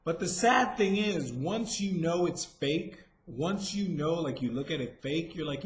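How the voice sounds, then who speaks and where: A man's voice: fairly high pitch, animated, unhurried, hardly any pauses. A man giving a rambling, profane commentary rant, full of fillers and restarts. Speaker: vlogger. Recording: roomy echo.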